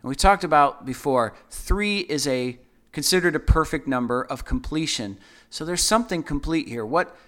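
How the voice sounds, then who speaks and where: A man co-hosting a Bible discussion speaks at normal speed with a fairly high, bright voice and lively intonation. He teaches earnestly and conversationally, often repeating his phrases and acting out everyday quotes.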